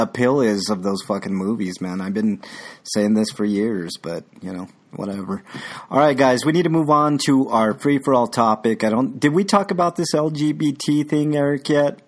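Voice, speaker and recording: A man's voice: medium pitch, moderate pace. A man hosts a loose podcast chat in a mid-range voice. He drawls, sighs and swears casually while reading viewer comments. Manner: laid-back, swears, sighs "oh, boy". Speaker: podcast host.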